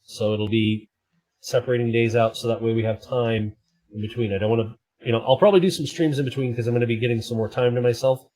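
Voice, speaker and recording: A man's voice: mid-range voice, fairly even intonation, quick pace, a little mellow, poor audio. Playful, rambling male live streamer. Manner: playful, rambling, breaks into silly voices. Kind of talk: casual live stream chat.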